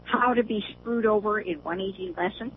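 Over a tinny phone line with faint hiss, an older female caller chats casually with a show. Her voice is medium in pitch and moves at a moderate pace, with frequent laughter throughout.

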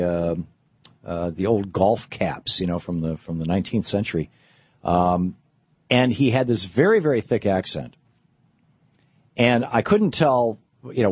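A man's voice: on the low side, slightly rough, no room sound, lo-fi sound. A middle-aged man hosting a talk radio monologue, rambling with frequent restarts and fillers. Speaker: radio host.

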